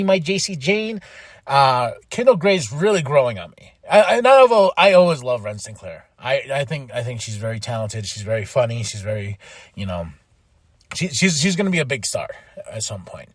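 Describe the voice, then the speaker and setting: A man hosting a podcast, giving a casual, animated wrestling recap, chatty with lots of fillers and restarts, acting out quotes in exaggerated voices. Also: fairly high pitch, no room sound. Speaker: podcast host.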